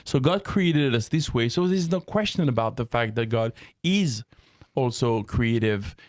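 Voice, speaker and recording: A man's voice: mid-range voice, lively intonation, a little slow, no room sound. A man from France co-hosting a casual faith talk show, chatty and laughing often. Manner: laughs often, loses his thread, chatty. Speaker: co-host.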